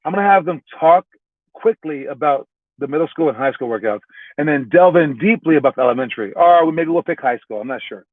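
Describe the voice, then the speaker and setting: A man's voice: fairly high pitch, lively intonation, fairly quick, dry recording. Man coaching, tinny phone-like sound. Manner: loose and rambling, checks in with "all right?"; self-mocking. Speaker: basketball coach. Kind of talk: casual spoken coaching lesson. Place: in his car.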